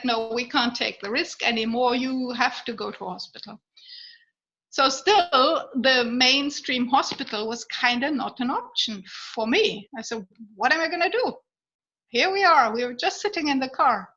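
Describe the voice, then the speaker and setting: A woman tells a personal story in a loose, casual way, stopping often for fillers and restarts and breaking into laughter along the way. Her voice sits a little high and sounds bright. The recording is dull and lo-fi. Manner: halting, with many fillers and restarts; laughs often while telling. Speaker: guest sharing a birth story. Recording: dull lo-fi audio.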